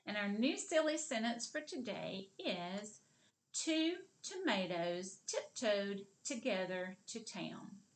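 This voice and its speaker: A woman teaching a kindergarten literacy lesson on video, speaking slowly and clearly and encouraging the children as she draws out each sound. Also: mid-range voice, very animated.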